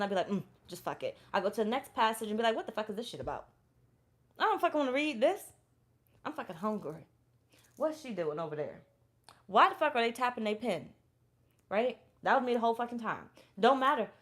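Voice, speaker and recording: Young adult woman tarot reader, blunt, profane, chatty and repetitive. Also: on the high side. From Florida, USA. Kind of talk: casual tarot reading with personal story.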